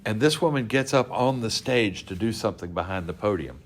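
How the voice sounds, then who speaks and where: A deep-voiced man speaks as a podcast guest, unhurried and anecdotal. He recounts backstage moments with an easy storyteller's rhythm. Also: lively intonation. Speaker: guest, convention organizer. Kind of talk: casual storytelling interview.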